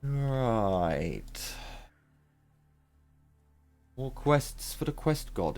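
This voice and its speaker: A man's voice: on the low side, very animated, a little slow, darkish tone, faint music behind. A man rambling and thinking aloud in casual let's play commentary, with the odd swear word. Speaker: gaming YouTuber.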